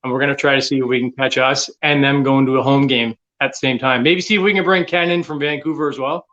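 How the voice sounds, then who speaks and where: Eager fast-talking man from Canada. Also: medium pitch, steady tone, fairly bright tone, lo-fi sound. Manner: eager, quick, laughs along. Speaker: guest, fan club member. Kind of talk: casual live-show chat.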